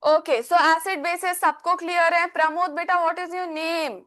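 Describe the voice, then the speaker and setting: A woman's voice: very high-pitched, fairly even intonation, fast, a bit bright. A woman with an Indian accent teaching an online class, explaining patiently in simple repetitions. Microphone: video call.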